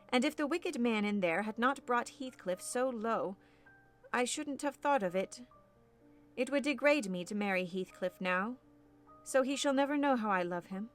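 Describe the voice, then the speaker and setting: Brief: fervent headstrong young woman, read by a woman narrator, higher-pitched, declaiming over faint music. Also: lightly acted. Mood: wistful. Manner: impassioned, declamatory. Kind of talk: audiobook character reading.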